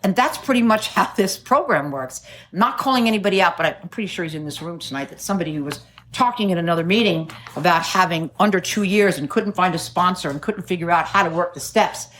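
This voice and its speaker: A woman's voice: lowish voice, quick pace, a bit bright, a little hiss or hum. A middle-aged woman from New City, giving a wry, self-mocking share at a recovery meeting and laughing often. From New York City. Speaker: AA speaker.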